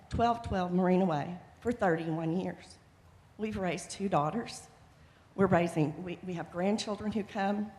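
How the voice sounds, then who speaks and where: A woman's voice: lowish voice, a little mellow. A middle-aged woman making an impassioned, pleading public comment at a city council meeting. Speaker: resident speaking at public comment. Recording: reverberant council chamber.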